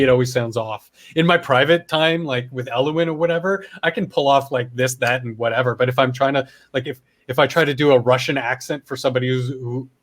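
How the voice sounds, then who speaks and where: A man from Canada hosting a podcast, talking in a casual, rambling way with frequent restarts and swearing. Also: mid-range voice. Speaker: podcast host. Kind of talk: casual chat.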